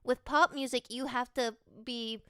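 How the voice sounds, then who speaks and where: A woman's voice: a little high, fairly even intonation, unhurried, fairly bright tone, clean tone, no room sound. A woman streamer chatting casually with her viewers, rambling and laughing often. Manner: giggly, rambling, playful.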